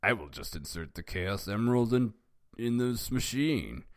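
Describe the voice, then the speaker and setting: A man's voice: on the low side, lively intonation, moderate pace, no echo, clean studio sound, voice pushed up, close to an everyday voice. A man doing a gloating mad scientist. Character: gloating evil male scientist villain.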